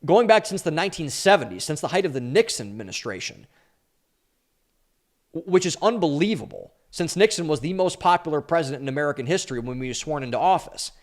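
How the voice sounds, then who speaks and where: A man's voice: on the high side, sing-song, quick pace. A young man giving a solo commentary monologue as host of his podcast, speaking emphatically, drawing out stressed words with an opinionated energy. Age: young adult.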